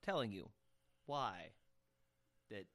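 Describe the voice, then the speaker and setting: A man co-hosting a casual podcast chat, jokey and quick to laugh. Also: fairly low pitch, expressive, fairly bright tone. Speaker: podcast co-host.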